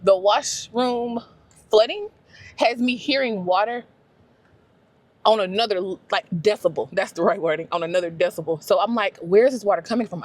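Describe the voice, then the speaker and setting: This driving vlogger has a mid-range voice as she chats casually with her camera, laughing easily and talking to herself. Slight background noise is present.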